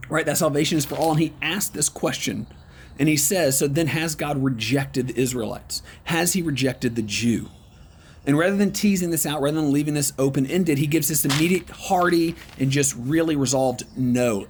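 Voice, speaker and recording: A man leading an online Bible study lesson in a conversational, encouraging way, with frequent ums and pauses. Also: fairly high pitch, a little hiss or hum.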